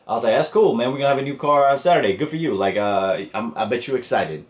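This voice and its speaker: A young man tells a story on his podcast in a loose, profane, animated way, acting out both sides of the conversations. His voice sits at an ordinary pitch. The room around him adds a noticeable echo. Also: fast talker. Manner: animated, profane, exasperated retelling with quoted dialogue. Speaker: podcast host. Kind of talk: casual storytelling. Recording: roomy echo.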